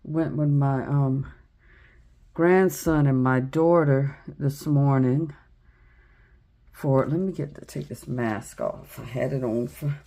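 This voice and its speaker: A woman's voice: rumbling low, mellow. A middle-aged woman, chatting casually in a craft vlog and telling a story with many ums. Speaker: resin craft vlogger. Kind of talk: casual rambling chat.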